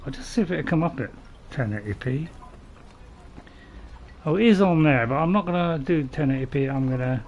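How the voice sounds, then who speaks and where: A man's voice: on the high side, expressive, normal speed, long pauses, a little mellow, highs cut off, a little hiss or hum. A man with a Northern English accent, chatting casually and rambling while streaming a game to viewers. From North England. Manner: chatty, rambling, laughs at his own jokes. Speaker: gaming streamer. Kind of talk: casual gameplay live stream.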